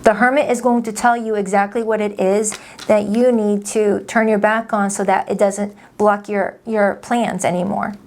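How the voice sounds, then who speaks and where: A woman's voice: mid-range voice, flat delivery, normal speed, darkish tone. Chatty upbeat woman reading tarot. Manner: chatty, upbeat, speaks straight to viewers. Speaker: tarot reader. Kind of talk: casual tarot reading to camera.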